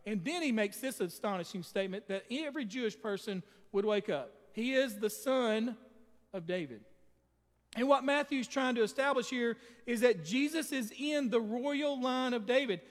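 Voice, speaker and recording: Male preacher, high voice, emphatic sermon delivery, long hall reverb. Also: expressive, normal speed. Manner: emphatic, addresses the congregation directly.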